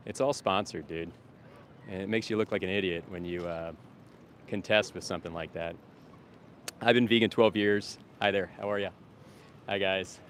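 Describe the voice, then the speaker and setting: A blunt middle-aged man with a low voice rants to his livestream viewers from a street, swearing freely. He calls out loudly and brightly to people passing by. Faint traffic noise hums behind him outdoors. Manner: calls out to passersby in a loud upbeat voice. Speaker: vegan street activist livestreaming. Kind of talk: casual livestream talk to viewers.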